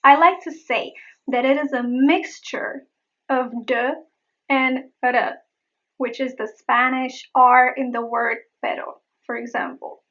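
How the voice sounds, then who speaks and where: A woman accent coach giving a pronunciation lesson, repeating example words slowly and carefully. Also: sits high, steady tone, pushed and bright, lo-fi sound.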